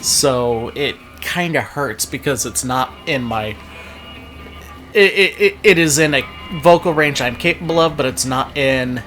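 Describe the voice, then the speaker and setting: A man hosting a let's-play video, chatting and joking as he plays. His voice sits at a medium pitch, with a little music faintly underneath. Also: unhurried, fairly bright tone. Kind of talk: casual gameplay commentary.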